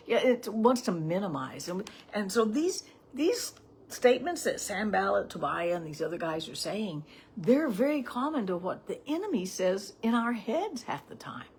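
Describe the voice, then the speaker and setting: Husky-voiced woman giving a chatty devotional. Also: mid-range voice. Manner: chatty, with frequent "right?" asides. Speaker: devotional teacher. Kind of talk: casual morning devotional talk.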